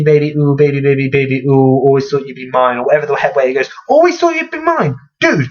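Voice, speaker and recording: A young man, ranting sarcastically in a comedic vlog, swearing freely and jumping up in pitch. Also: lo-fi sound. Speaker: vlogger.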